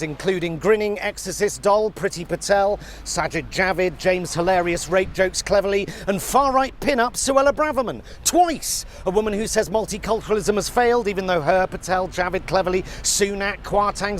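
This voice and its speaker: A grumpy, scathing political pundit fires off a ranting list of cutting insults in a satirical TV monologue. His voice sits high for a man. A faint hiss of noise runs underneath. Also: lively intonation, moderate pace, few pauses.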